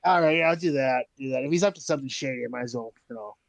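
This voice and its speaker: A man's voice: mid-range voice, rapid-fire, gravelly, no echo. A man playing a tabletop game, talking casually and often stumbling and repeating words as he checks his stats. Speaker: player.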